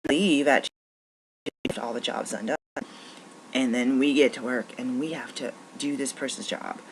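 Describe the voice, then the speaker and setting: A woman's voice: very deep voice, steady tone, measured pace, background noise. A woman who works as a naturopathic doctor, venting in a frustrated, rambling monologue full of restarts.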